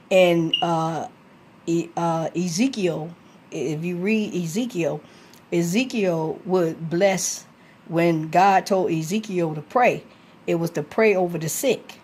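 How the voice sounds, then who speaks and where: A woman's voice: fairly low pitch, slow pace, a little mellow, slight background noise. Rambling woman in late-night Bible talk. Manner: rambling, many fillers and restarts.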